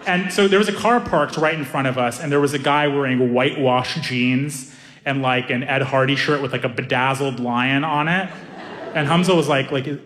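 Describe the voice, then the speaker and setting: A young man doing animated stand-up storytelling, acting out voices with sudden high-pitched outbursts. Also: big-room sound, a little hiss or hum. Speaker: stand-up comedian.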